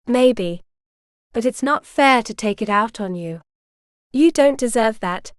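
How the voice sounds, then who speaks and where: A woman voicing a weary young noblewoman on the run, speaking softly and earnestly in a smooth voice. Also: a little high, animated, unhurried, no echo, clean studio sound. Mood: tired.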